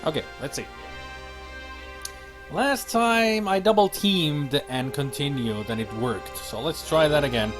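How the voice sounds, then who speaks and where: A man's voice: on the high side, sing-song, slow pace, pauses often. A man live-streaming a computer game, sarcastically talking back to the characters. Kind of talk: gaming commentary. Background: game music.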